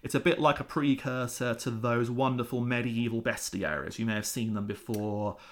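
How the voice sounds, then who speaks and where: A man's voice: medium pitch, moderate pace. A man, a historian chatting casually on a podcast and acting out the quotes in his stories. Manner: animated storyteller, acts out quotes. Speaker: historian guest.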